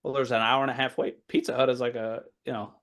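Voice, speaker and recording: Male, 30s, American, podcast guest, lively storyteller who voices other people. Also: medium pitch, fast talker. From United States. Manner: animated anecdote-telling, acting out quoted voices, laughs often. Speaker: assistant basketball coach, podcast guest. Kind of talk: casual storytelling in a podcast interview.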